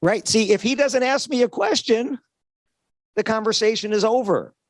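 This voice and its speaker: A man whose voice sits high gives a sales seminar at a trade show at a moderate pace, with no room sound in the clip. His motivational talk is conversational, full of acted-out dialogues and repeated "right?" check-ins with the audience.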